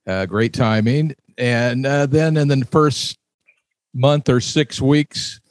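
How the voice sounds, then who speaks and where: A man's voice: mid-range voice, fairly even intonation, slow pace, no echo. A man hosting a podcast interview, asking questions with a dry, wry humor. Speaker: podcast host.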